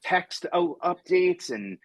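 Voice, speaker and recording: A male comedian hosting a podcast, talking in a rambling, animated way and acting out quoted exchanges as he tells a story. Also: high voice, slow pace, heavy background noise. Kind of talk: casual chat.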